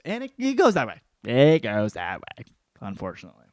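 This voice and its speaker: A man hosting a podcast, rambling through a casual book review with constant swearing and animated storytelling. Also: mid-range voice, a little fast, no room sound, clean studio sound. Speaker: podcast host.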